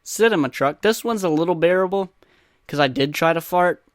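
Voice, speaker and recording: A man's voice: a little high, moderate pace, dry recording, clean studio sound. Profane young man telling crude stories. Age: 20s. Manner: profane, rambling, self-mocking. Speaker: podcast host. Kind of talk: casual crude storytelling monologue.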